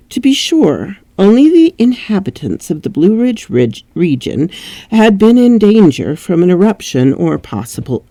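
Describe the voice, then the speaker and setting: A woman narrating a classic novel aloud in an expressive storytelling manner. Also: low-pitched, dry recording. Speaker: audiobook narrator.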